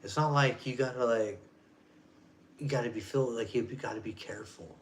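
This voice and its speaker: Casting: vlogger in his forties, rambling profane rant, mid-pitched voice, loose slang. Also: normal speed, a little hiss or hum. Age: 40s. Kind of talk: casual rant.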